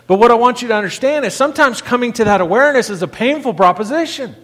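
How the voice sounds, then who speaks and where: A male pastor with a high voice delivers a sermon to his congregation. He talks plainly and stumbles over repeated words, then swells when reading scripture aloud. His voice rings with the long reverb of a big hall. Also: a bit bright.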